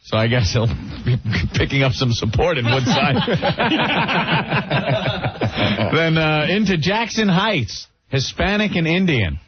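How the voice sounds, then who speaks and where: A man's voice: fairly high pitch, noisy background. Laid-back male radio co-host, muffled. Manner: relaxed, halting with fillers, dry chuckles. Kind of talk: radio talk show banter.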